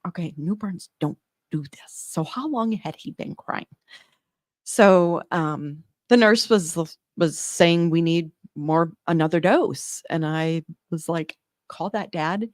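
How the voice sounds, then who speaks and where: A woman working in newborn care, earnestly telling an animated story in an interview, acting out the dialogue. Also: on the low side, no room sound, studio quality. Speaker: neonatal medical provider, guest.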